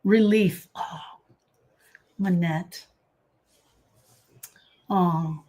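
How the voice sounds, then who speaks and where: A middle-aged woman hosts a casual grief-coaching livestream, answering viewer comments and addressing people by name. Her voice is fairly low and mellow, and she speaks very slowly but earnestly and with emphasis.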